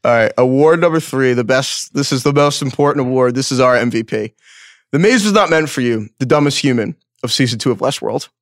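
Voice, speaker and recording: A man's voice: medium pitch, fairly quick, dry recording, clean studio sound. A man co-hosting a podcast, presenting awards in a mock-solemn, joking way. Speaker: podcast co-host. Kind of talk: casual chat.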